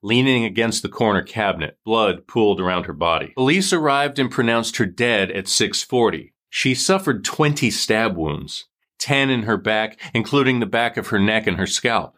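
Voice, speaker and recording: A man hosting a show, reading a scripted true-crime narration in a measured, dramatic way. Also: fairly low pitch, animated, a bit bright. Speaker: host.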